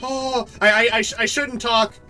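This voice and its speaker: A man with a high, bright voice, commentating live gameplay for his stream. He talks at an unhurried pace but breaks into gasps, whoops and laughter, thanking his viewers along the way. Faint music sits behind him. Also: expressive.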